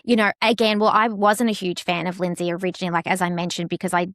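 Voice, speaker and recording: A woman's voice: fairly low pitch, little pitch movement, fast talker, a bit bright, dry recording, clean studio sound. A woman co-hosting a chatty podcast, giving blunt opinions in casual talk and swearing freely. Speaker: podcast co-host. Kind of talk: casual chat.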